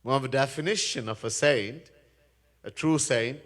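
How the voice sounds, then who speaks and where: A man's voice: medium pitch, normal speed, a bit bright. A man preaching as a swami, telling a scripture story earnestly and chanting verses, recorded in a Hindu temple. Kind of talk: sermon storytelling. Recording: echoey temple hall.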